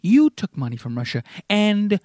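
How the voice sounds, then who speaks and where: A man putting on an impression of a male politician, talking in a soft, measured, breathy way. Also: high-pitched, very animated, dry recording, studio quality, voice pushed up. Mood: mock-composed. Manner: hushed, breathy delivery.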